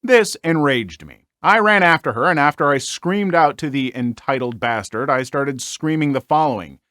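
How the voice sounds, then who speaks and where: A man hosting a story channel, reading online stories aloud and commenting on them in an animated, exclaiming way with frequent filler words. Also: on the high side, moderate pace, no echo, studio quality.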